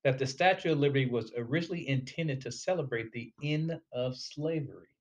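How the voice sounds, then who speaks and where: Male host, casual talk show, emphatic, animated, mid-pitched voice. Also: brisk, highs cut off. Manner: animated and emphatic, rising when fired up. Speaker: podcast host.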